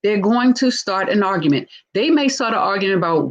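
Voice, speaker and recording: A woman hosting a live casual teaching talk, animated and acting out what people say, with frequent checks of "right?". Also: medium pitch, a little fast, few pauses, lo-fi sound. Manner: animated, acts out quoted speech, frequent "right?". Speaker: host discussing narcissistic relationships.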